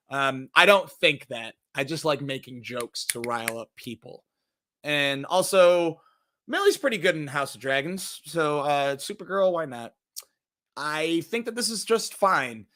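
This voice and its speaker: A man's voice: fairly high pitch, sharp tone. A young man hosting a casual entertainment news show, rambling and joking, cursing now and then and trailing off into mumbles. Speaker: podcast host.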